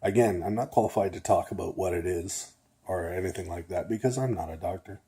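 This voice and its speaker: A man's voice: low-pitched, a little fast, mellow, slightly rough. An older man, a retired nurse, talking casually to camera in a rambling way, a little nasal and often checking in with "okay?". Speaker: vlogger.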